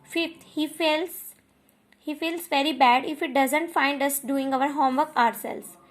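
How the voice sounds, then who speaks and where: A woman's voice: high-pitched, steady tone, measured pace. A woman teacher with an Indian English accent, giving an online grammar lesson, repeating points and checking in with "okay" and "understood".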